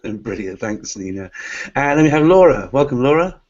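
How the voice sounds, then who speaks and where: A man's voice: medium pitch, very animated, moderate pace, a little mellow. A man hosts a live online teacher webinar, and his introductions keep stopping on "uh" and "um". The call audio is dull and lo-fi. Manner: hesitant, many "uh" fillers. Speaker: host.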